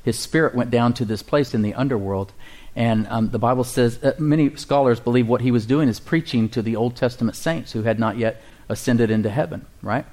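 A man's voice: medium pitch, darkish tone. Man preaching a call-and-response sermon. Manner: call-and-response preaching, slows to read scripture. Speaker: pastor.

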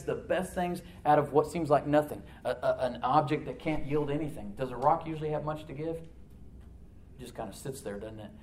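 A male pastor preaching a sermon, swinging from loud emphatic lines to hushed near-whispers. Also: on the high side, roomy sound, a little hiss or hum, rough recording. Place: church sanctuary.

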